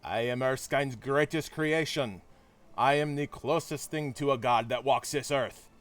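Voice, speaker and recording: A man's voice: mid-range voice, measured pace, recorded from a distance, lightly acted. A man voicing an arrogant villainous super-soldier commander in a clumsy put-on German accent. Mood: gloating.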